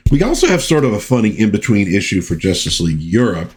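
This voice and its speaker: A man's voice: on the low side, very animated, quick pace, noisy background. A man hosting a casual comic book review vlog, chatty and easygoing. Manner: chatty with frequent fillers and restarts.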